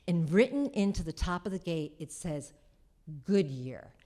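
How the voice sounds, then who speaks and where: A woman's voice: lowish voice, animated, mellow. Chatty woman telling a story on stage. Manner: chatty, full of "like" and quick asides. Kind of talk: live personal storytelling. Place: cultural center stage before an audience.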